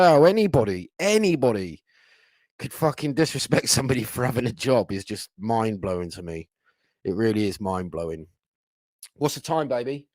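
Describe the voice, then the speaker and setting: A man's voice: mid-range voice, dry recording. A middle-aged man, hosting a casual livestream and telling loose stories in a blunt, sweary way. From England. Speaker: livestream host.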